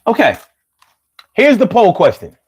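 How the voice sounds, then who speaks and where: Animated Philadelphia man chatting casually. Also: sits high, a little slow, breathy edge. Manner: loose and animated, drawls words out when joking. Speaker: live stream host. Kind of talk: casual live-stream chat.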